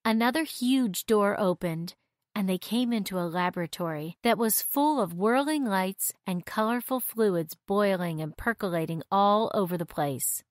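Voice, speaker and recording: A woman narrating a children's story aloud in an expressive read-aloud manner. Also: mid-range voice, dry recording, clean studio sound.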